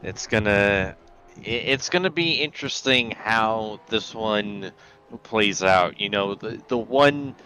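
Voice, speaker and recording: A man co-commentating a sim racing broadcast, measured with a dry sense of humor. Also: lowish voice, sharp tone, a little hiss or hum, rough recording.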